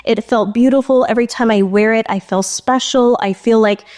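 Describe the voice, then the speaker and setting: Woman, fairly high voice, enthusiastic, chatty, talks straight to viewers, casual product presentation. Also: fairly even intonation, moderate pace, darkish tone. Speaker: beauty brand founder presenting her fragrances.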